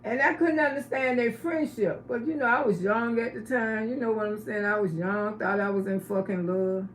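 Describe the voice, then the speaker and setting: A woman's voice: fairly high pitch, normal speed, a little hiss or hum. Chatty woman in an echoey room. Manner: blunt, chatty, asks the audience questions. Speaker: livestream host. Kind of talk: casual storytelling livestream.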